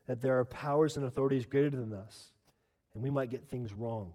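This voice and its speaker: A man preaching a sermon as pastor, emphatic, often urging "listen" and climbing to loud peaks. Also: medium pitch, brisk, in a large hall.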